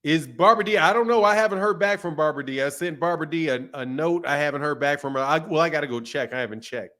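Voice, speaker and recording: A man's voice: on the high side, quick pace, fairly bright tone. A man hosting a casual livestream, loosely greeting viewers by name in a chatty way. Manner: loose and chatty, reads viewer names aloud. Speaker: livestream host.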